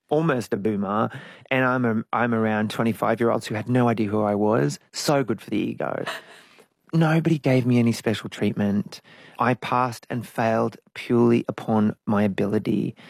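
Candid middle-aged man, gravelly voice. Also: lowish voice, no echo. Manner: candid storytelling, acts out own past voices. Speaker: guest musician. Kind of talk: conversational interview.

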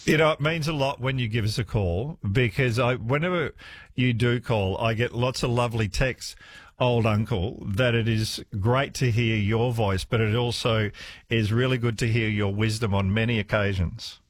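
A man's voice: mid-range voice, normal speed, dry recording. A man hosting a talkback radio show, chatting with callers and laughing often. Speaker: radio host. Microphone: studio microphone.

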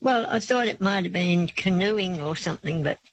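A woman's voice: on the low side, moderate pace, a crowd in the background. An Australian woman calling in to a radio show, answering hesitantly in short plain replies. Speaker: caller. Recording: dull, dry phone line.

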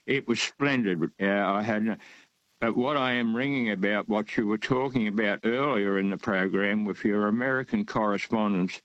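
An older man rings in to a talk show, his voice on the low side and his story full of ums and restarts. The line is dull and dry, with little room around him. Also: moderate pace, a bit bright, no echo. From Australia. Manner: hesitant, rambling, many fillers. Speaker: radio caller. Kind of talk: casual phone-in chat.

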